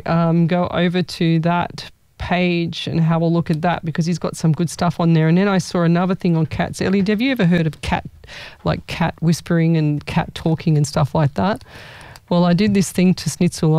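A woman's voice: lowish voice, darkish tone, smooth, no room sound, studio quality. A woman medium chatting casually with her audience, rambling through stories and laughing often. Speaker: psychic medium hosting a live session. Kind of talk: casual live chat.

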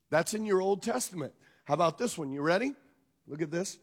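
In a church sanctuary with the long reverb of a large hall, a male pastor preaches emphatically and calls out questions to his congregation. His voice is high, expressive, and fairly quick.

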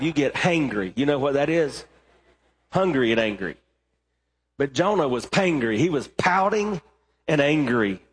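A male pastor preaching a sermon, emphatic, rising to fervent stretches and slowing down for weighty points. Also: medium pitch. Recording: long reverb of a large hall.

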